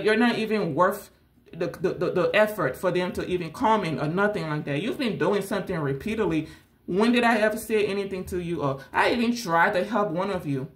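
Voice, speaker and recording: A woman with a voice of middling pitch addresses her viewers directly. She hosts a tarot channel and talks in a blunt, confrontational rant. She circles back to the same points again and again. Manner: confrontational, blunt, repeats herself.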